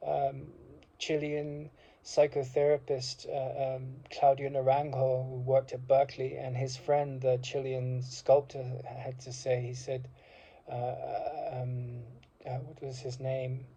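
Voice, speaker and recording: This man's mid-range voice is completely flat, slow, and dark, and the high frequencies are cut off. Speaking informally as a university degree course alumnus, he gives an impassioned, rambling reflective monologue packed with fillers and restarts.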